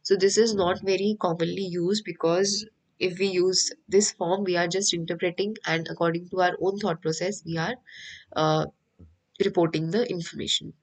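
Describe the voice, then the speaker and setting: Female teacher, Indian English accent, slightly low voice, patient and repetitive classroom delivery. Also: fairly even intonation, poor audio. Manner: patient, repeats each point slowly. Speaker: French teacher. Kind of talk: online class lecture.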